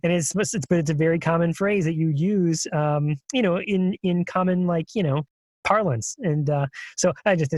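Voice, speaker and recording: A man's voice: fairly high pitch, moderate pace, darkish tone, no echo. A man co-hosting a podcast, chatting casually and playfully with enthusiastic asides. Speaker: podcast co-host.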